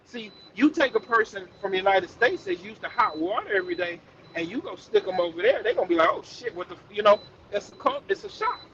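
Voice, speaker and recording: A man's voice: high-pitched, big pitch swings, fairly quick, a bit bright, dull audio, slight background noise. A man co-hosting a casual podcast, laid-back and rambling, often restarting his sentences. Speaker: podcast co-host. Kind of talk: casual chat.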